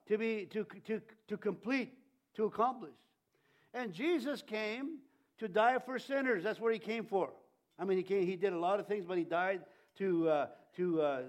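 A middle-aged male pastor giving a conversational Easter sermon, animated with jokey asides and audience questions. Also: sits high.

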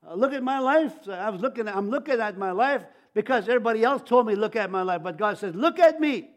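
Older male preacher, very high pitch, conversational sermon, frequent stammered repeats, bursts of volume on key lines. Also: fast talker. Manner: testimony-style preaching with many restarts and stammers. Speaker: pastor.

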